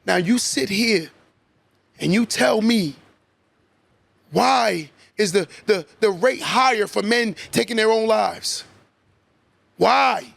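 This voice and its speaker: A man with a high, gravelly voice delivers a motivational sermon-style talk on his podcast. He repeats his points and keeps asking "right?" for emphasis. The recording is dry and close, with no room sound. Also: a little slow, long pauses, fairly bright tone, no echo. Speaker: podcast host.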